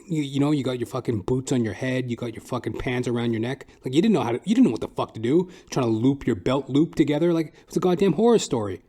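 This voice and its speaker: A man's voice: fast talker, hardly any pauses, dark tone. A man hosting a comedy podcast, rambling and swearing through a solo monologue. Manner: profane, rambling, jumps into high silly voices. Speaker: podcast host.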